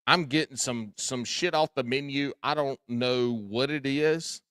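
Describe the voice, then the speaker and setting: A man with a Southern drawl chats casually as a podcast host, telling folksy stories and swearing freely. His voice sits at a middling pitch and comes across dry and close, with no room sound. He talks with easy, lively energy. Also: measured pace, no room sound.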